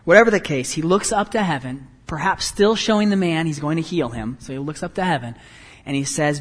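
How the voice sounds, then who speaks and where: A man preaching a sermon as pastor, animated, moving between quiet and loud passages. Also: on the high side, moderate pace, in a large hall.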